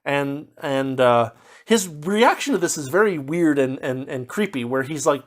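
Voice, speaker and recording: A man giving a casual spoken book review, rambling with lots of fillers and restarts, now and then slipping into quick mock voices as he paraphrases. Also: on the high side, expressive. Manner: puts on brief mock voices when paraphrasing.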